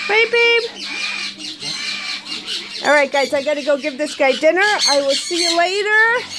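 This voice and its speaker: A woman's voice: high voice, very noisy. A woman vlogging at home, talking in a sing-song baby-talk voice to her pet birds. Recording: loud bird squawks behind. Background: squawking parrots.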